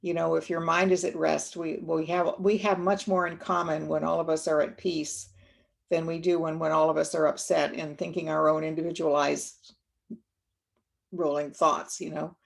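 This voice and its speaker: Woman, low register, gravelly edge; gentle reflective storyteller, lots of ums and restarts. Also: flat delivery. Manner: gentle, unhurried, with many fillers and restarts. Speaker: guest speaker.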